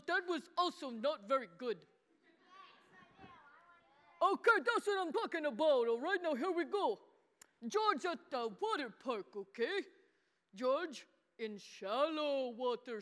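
A high, childlike boy puppet. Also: fairly bright tone, exaggerated voice. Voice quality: broken childlike grammar, speaks of himself by name. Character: childlike boy puppet, simple-minded and earnest. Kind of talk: children's sermon puppet show. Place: church hall. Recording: long church-hall reverb.

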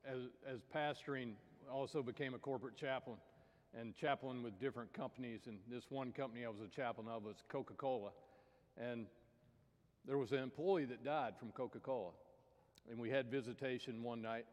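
A man preaching as pastor, telling stories and jokes in a folksy manner. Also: mid-range voice. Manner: folksy storytelling. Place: church sanctuary. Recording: reverberant church hall.

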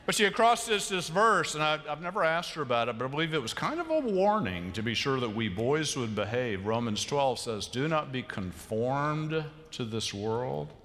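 A man preaching a sermon as pastor, telling stories and acting out quotes with humor. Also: medium pitch. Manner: storytelling, animated, acts out quotes and sheep bleats. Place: large church sanctuary. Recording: long church reverb.

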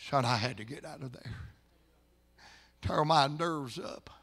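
An older man, a pastor, telling a story in a sermon, folksy at times and rising into impassioned, shouted preaching in a church. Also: medium pitch, unhurried.

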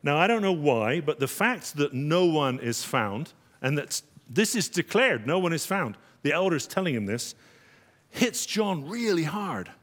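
A man pastor preaching a sermon, dramatic, rising high on quoted lines. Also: sing-song, unhurried, a bit bright, long reverb tail.

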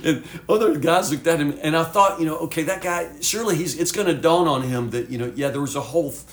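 A man's voice: fairly high pitch, fast, echoey room. A man teaching from the Bible as a pastor, folksy and fervent, full of "you know"s.

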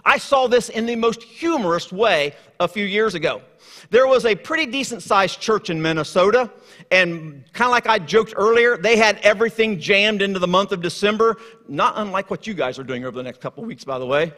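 A man preaching a sermon in a church, telling stories and moving from hushed tones to lively asides. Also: high voice, fairly quick. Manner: storytelling, swings from hushed to lively. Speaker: guest preacher. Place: church sanctuary. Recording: long hall reverb.

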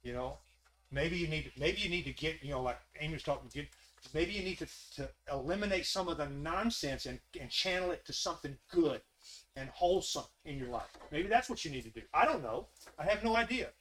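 A man preaches in a loose, conversational sermon, full of restarts and asides. His voice is bright and forceful, sitting a little high for a man. He swells when he presses a point and turns quiet and close when he asks a question. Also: animated, brisk, low-quality recording. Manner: earnest, repetitive, rises when emphatic, softens to a near hush when asking questions.

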